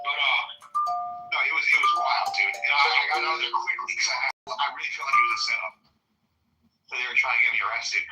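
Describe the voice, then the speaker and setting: A man in casual podcast chat, swearing a lot as he tells an animated story. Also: fairly high pitch, fast talker, over loud music. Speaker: podcast host. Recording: roomy echo, mic at a distance.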